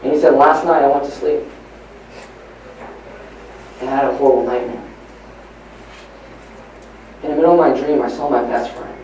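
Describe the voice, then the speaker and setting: A man giving a motivational training talk at a live event, telling stories and moving between hushed and emphatic delivery. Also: mid-range voice, fairly even intonation, moderate pace, long pauses, slight background noise. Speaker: motivational speaker. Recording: echoey live hall recording from far off.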